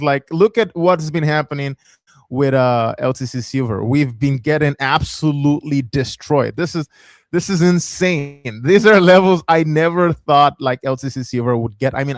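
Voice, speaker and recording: A man's voice: a little high, dry recording, clean studio sound. A man hosting a casual livestream and talking over market charts, chatty, laughing easily and reading viewer comments aloud. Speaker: livestream host.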